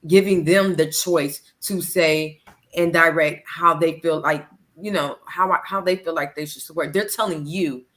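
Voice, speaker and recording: A woman's voice: deep voice, fairly even intonation, a little slow, fairly bright tone. A woman guest on a talk show, speaking earnestly and explaining her points, repeating key phrases. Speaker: guest, domestic violence survivor. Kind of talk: casual conversational interview.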